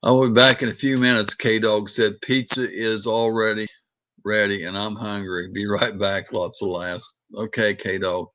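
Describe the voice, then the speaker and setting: A man hosting a casual livestream from home, rambling and reading viewer comments out loud with lots of hesitant fillers. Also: lowish voice, fairly even intonation, unhurried, no echo. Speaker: livestream host. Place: at home with his dog.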